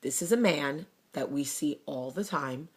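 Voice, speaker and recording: A woman, telling a personal story to camera in a blunt, fiery, animated way. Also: low-pitched, measured pace, slightly rough. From New Jersey. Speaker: vlogger. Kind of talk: casual talk to camera.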